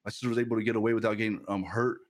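A man's voice: lowish voice, flat delivery, rapid-fire. A man preaching a sermon as pastor, talking conversationally with lots of repeated words and restarts, and telling personal stories with a laugh here and there.

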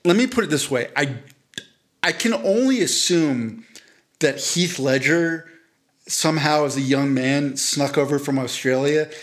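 A man's voice: a little high, measured pace. A man casually telling a long, self-deprecating story on a podcast, rambling with many restarts. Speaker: podcast co-host.

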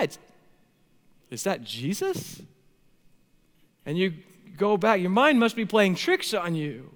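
Animated pastor in a reverberant hall. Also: male voice, high-pitched. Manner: storytelling, animated swings from loud to hushed. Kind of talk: sermon.

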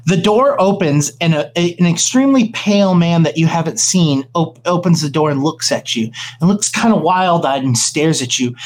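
A game master describing the scene to the players, halting and full of fillers and restarts. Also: medium pitch, animated. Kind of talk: narrating a tabletop game.

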